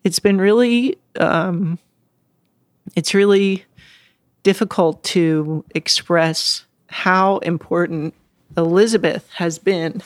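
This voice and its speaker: Taking her time in a fairly low voice, a middle-aged woman answers questions in a casual interview with earnest reflection. Now and then she laughs, and at times she gets choked up; the recording is dry.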